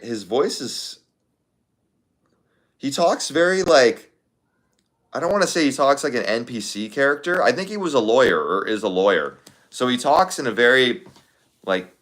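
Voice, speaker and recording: A man's voice: medium pitch, fairly bright tone. A young man casually chatting to his viewers, thinking aloud in a rambling way with lots of fillers. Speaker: content creator.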